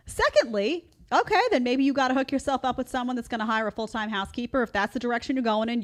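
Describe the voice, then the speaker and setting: A middle-aged woman hosting her own opinion show, talking in an emphatic way with lots of rhetorical questions. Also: mid-range voice. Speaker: show host. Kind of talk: opinion commentary.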